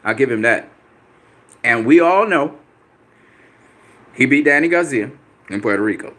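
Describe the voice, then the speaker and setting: A man's voice: medium pitch, expressive, measured pace, a bit bright. A man hosting a boxing channel, answering viewer comments on a live stream in a combative, profane way, repeating himself for emphasis.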